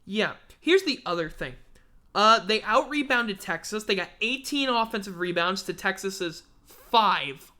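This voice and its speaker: A man's voice: sits high, expressive, a little slow, pushed and bright. A man hosting a casual sports recap, blunt and sarcastic, tired and yawning. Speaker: host of a sports podcast.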